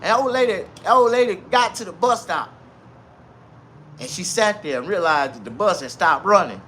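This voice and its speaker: A man telling a crude comedic story in an animated, repetitive way, laughing at his own tale. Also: high voice, normal speed, slight background noise.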